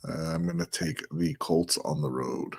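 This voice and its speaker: A man's voice: sits low, wildly swooping pitch, normal speed, vocal fry, husky. A man co-hosting a casual sports podcast, making football picks in a dry, teasing way. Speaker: podcast co-host.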